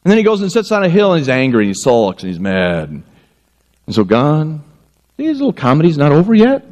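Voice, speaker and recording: A middle-aged male pastor preaching a sermon, telling stories in an animated way and acting out the voices. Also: normal speed. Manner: animated storytelling, acting out voices with wide pitch swings.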